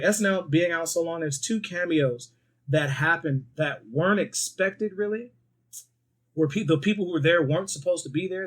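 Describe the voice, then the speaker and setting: A man in his thirties co-hosts a casual podcast chat. His voice sits a little high, and he tells stories with lots of energy and swearing, often acting out what other people said. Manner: animated storyteller, swears freely, acts out quoted voices. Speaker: podcast co-host.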